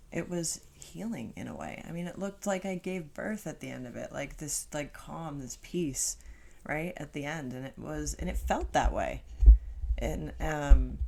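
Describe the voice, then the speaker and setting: A woman co-hosting a podcast, telling personal stories in casual chat with emphatic, animated delivery. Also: low voice, creaky, slight background noise. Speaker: podcast co-host.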